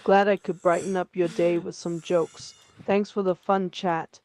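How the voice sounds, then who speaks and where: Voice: mid-range voice, little pitch movement, unhurried, a little mellow, no room sound. A synthetic chatbot voice giving cheerful, tidy replies and playing along with every idea. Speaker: AI chatbot conversation partner. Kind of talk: scripted-sounding chatbot replies.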